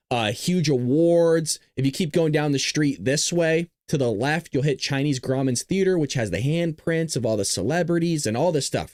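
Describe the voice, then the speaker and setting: Guy hosting his own podcast, kinda high voice, rambly and chatty, dry room. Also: no room sound. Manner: rambling, talks straight to viewers. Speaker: podcast host. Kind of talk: casual commentary over video clips.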